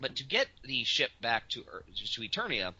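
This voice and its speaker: A man's voice: mid-range voice, wildly swooping pitch, normal speed, bright, forceful tone, husky, no echo. Male podcast co-host, exasperated ranter, lo-fi dull audio. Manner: exasperated, ranting storyteller. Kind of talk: casual comedic chat.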